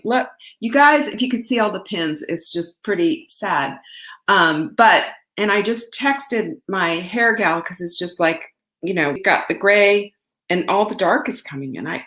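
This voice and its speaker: A woman's voice: mid-range voice, reverberant. A middle-aged woman hosting a casual live stream, chatty and greeting viewers by name. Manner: chatty, warm-hearted, greets viewers by name, laughs often. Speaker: livestream host.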